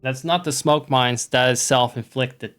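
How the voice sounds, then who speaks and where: A man's voice: medium pitch, unhurried, a bit bright, soft background music. A man casually commenting while streaming a game, cursing and joking, his throat slightly strained. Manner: profane, joking, laughing asides. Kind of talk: casual let's-play commentary.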